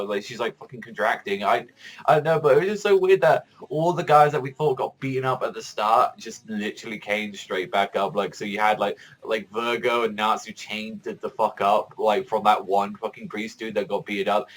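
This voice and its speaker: A man giving a casual video review of a manga chapter, talking in a rambling, excitable way and swearing a lot. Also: on the low side, low-quality recording.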